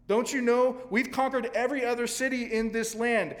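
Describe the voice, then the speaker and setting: A preacher acting out a boastful, menacing male army commander who shouts threats at a besieged city. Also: very high-pitched, steady tone, moderate pace, big-room sound, pitched above the performer's own voice. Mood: taunting. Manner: loud, taunting shouts.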